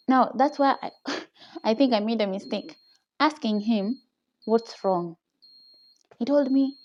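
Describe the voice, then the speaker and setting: A young woman with a Kenyan accent vlogs a personal story, retelling it with animation, laughing often and ending lines with "okay?". Her voice is a little high and slightly mellow, a bit slow with long pauses, and the phone-camera audio sounds dull.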